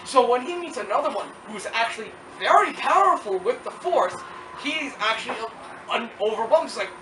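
Casual film reviewer, rambling and animated, middle pitch; distant mic, echoey room, background noise. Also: normal speed. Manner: rambling and excitable, full of "like" and acted-out quotes. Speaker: movie reviewer.

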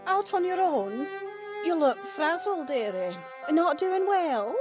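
An actress playing a greedy, scheming older nurse, muttering and wheedling in a game. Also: female voice, sits high, sing-song, takes it slowly, heavily acted. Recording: game audio with music behind.

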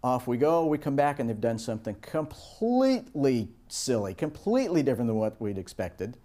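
A middle-aged man lecturing on teamwork, his tone mellow and relaxed. He tells stories and slips into higher voices for the people he quotes. His pitch sits at an ordinary middle height. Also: moderate pace. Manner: storytelling, acts out quoted voices with raised pitch. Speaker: instructor. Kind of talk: recorded lecture on project teamwork.

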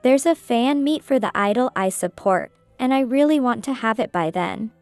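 A nasal young woman in her mid-twenties, pregnant and pushy, as a woman narrator puts her on for an audio story. She asks for things in a self-centered, demanding way, her voice sitting a little high. The recording is dry and close. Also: expressive, normal speed, darkish tone, smooth, no room sound, soft background music.

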